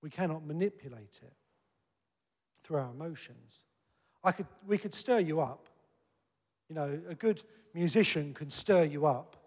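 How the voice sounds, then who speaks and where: A man's voice: fairly high pitch, lively intonation, a little slow, pauses often, a little mellow. A man preaching a sermon in an earnest, conversational way that builds to emphatic peaks. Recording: long hall reverb.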